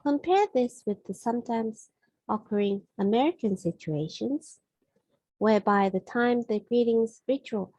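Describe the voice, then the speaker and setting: A woman from Japan with a Japanese accent gives a language lesson in a mellow, slightly husky voice. She explains slowly and carefully, often correcting herself mid-phrase. The recording is dry and close. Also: a little high, lively intonation, no echo, dull audio. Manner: slow, careful explanations with frequent self-corrections. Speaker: Japanese teacher.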